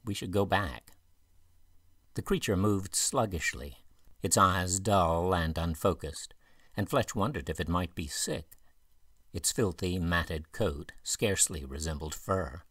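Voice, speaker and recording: A man narrating a southern gothic audiobook in an even, measured way. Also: sits low, no room sound, clean studio sound. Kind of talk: scripted narration.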